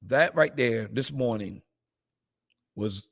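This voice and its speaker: Preachy pastor, higher-pitched man. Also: a little slow. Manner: preachy, shifts between calm reading and excited high exclamations. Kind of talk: livestream morning devotional.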